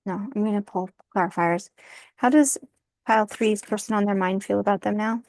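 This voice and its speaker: A woman's voice: mid-range voice, steady tone, normal speed, a little mellow, no room sound. A woman doing a casual tarot card reading, thinking aloud, often breaking into laughter and apologizing. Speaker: tarot reader.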